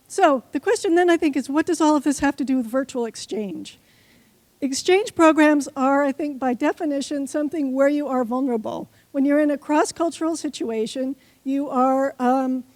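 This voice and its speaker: A woman's voice: sits high, darkish tone, no echo. A woman giving a short conference talk who leads the audience in an improv exercise, coaxing the crowd playfully. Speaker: conference speaker. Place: conference hall stage.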